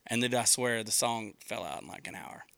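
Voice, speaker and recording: A man's voice: lowish voice, brisk, vocal fry, pushed and bright, dry recording. A man, a songwriter, casually telling how a song was written, loose and rambling, swearing freely and often saying dude. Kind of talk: casual storytelling conversation.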